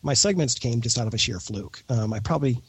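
A man who is a guest on a podcast, talking in an excitable, rambling, self-deprecating way. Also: mid-range voice, quick pace, slightly rough, no echo. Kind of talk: casual podcast chat.

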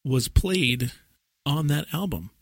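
Husky, laughing man in casual chat. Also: on the high side, animated, slow, dry recording, clean studio sound. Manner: laughs often, playful, rambling storyteller. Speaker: podcast co-host.

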